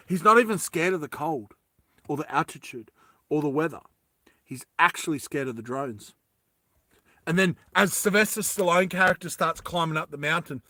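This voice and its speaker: A man's voice: fairly high pitch, expressive, normal speed, pushed and bright, no echo. A young man casually telling a comic story, rambling and laughing at his own ideas.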